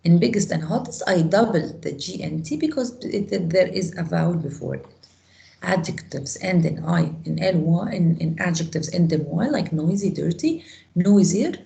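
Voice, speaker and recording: A woman's voice: on the low side, lively intonation, a little slow, gravelly, dark tone. A woman teaching English grammar to students in an online class, patiently repeating each word form aloud.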